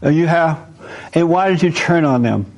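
A man's voice: a little high, normal speed. A man hosting a live talk, delivering a preachy monologue and asking the room questions. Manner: animated, asks the audience questions. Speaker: host speaking to a live audience.

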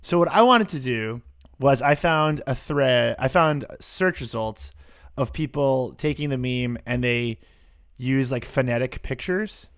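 A man hosting a casual podcast chat. His voice sits at a middle pitch, and he rambles, tumbling from one aside into the next. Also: measured pace, clear, resonant tone, no room sound. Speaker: podcast host.

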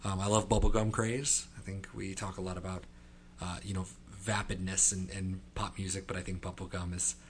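A man's voice: deep voice, flat delivery, fairly quick, slight background noise. A man hosting a podcast, talking casually and enthusiastically about favorite lines. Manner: enthusiastic, quotes lines aloud. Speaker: podcast host. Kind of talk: casual discussion.

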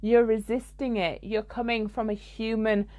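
A woman's voice: fairly high pitch, level tone, normal speed, dark tone. A woman, a spiritual coach giving a blunt, casual podcast monologue, swearing freely and laughing mid-sentence.

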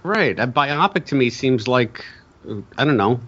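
A man's voice: medium pitch, animated, a little slow, fairly bright tone, husky. A man co-hosting a casual podcast, joking, rambling and cutting himself off. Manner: rambling and self-interrupting, joking. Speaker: podcast co-host. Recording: dull lo-fi sound.

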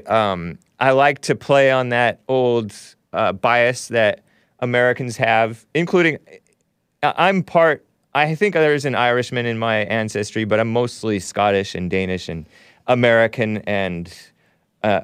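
A man hosting a call-in show, chatting casually, laughing often and jumping up in pitch now and then. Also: unhurried, fairly bright tone, clear, resonant tone, no echo, clean studio sound.

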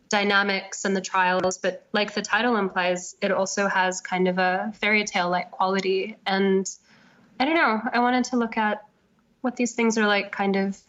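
A woman's voice: mid-range voice, fairly bright tone. Hesitant woman, slightly muffled sound. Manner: hesitant, thinking aloud with many fillers. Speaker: novelist guest. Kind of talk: casual interview conversation.

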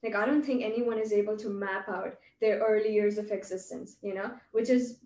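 A woman's voice: mid-range voice, steady tone, normal speed, mellow, slight background noise. A woman hosting a podcast, musing at length in casual conversation with many fillers. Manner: reflective, filler-heavy, speculative. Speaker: podcast host. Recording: roomy, distant mic with faint ambience.

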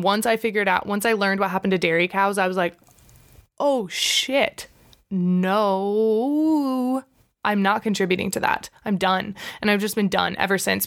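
A woman's voice: medium pitch, vocal fry, a bit bright. A young adult woman hosting a solo podcast, talking in an earnest, emotional way with frequent restarts and fillers. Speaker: podcast host. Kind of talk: casual solo podcast monologue.

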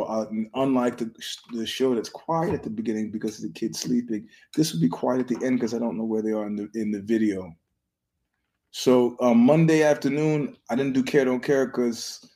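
With a mellow, medium-pitched voice at a normal speed, a podcast host rambles casually through his stories. He's profane and meandering, restarts frequently, and stays quiet so he won't disturb nearby filming.

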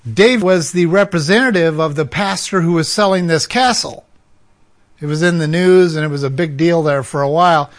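A man with a fairly high voice tells a story in a sermon as a Christian counselor. His delivery is loose and conversational, full of "you know" fillers. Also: fairly bright tone.

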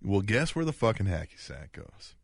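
A man co-hosting a casual podcast, telling stories in a profane, animated way. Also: lowish voice, normal speed, vocal fry, no room sound, clean studio sound. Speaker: podcast co-host.

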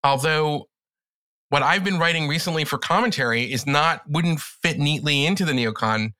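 Man, podcast guest, bright forceful voice, dry close sound, chatty, lots of "like". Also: a little high, normal speed, dry recording. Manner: chatty, enthusiastic, many "like" fillers. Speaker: guest, columnist. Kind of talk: casual podcast conversation.

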